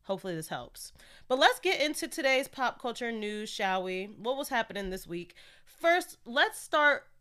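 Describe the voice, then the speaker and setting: A woman's voice: a little high, sing-song, normal speed, sharp tone. A young woman hosting her own podcast in a casual, candid solo chat, talking freely and laughing often. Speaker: podcast host.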